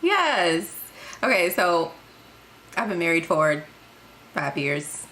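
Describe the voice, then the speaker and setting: A woman in her late twenties co-hosting a casual podcast chat, telling stories in a relaxed, chuckling way. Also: on the low side, slow pace, slight background noise. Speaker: podcast co-host.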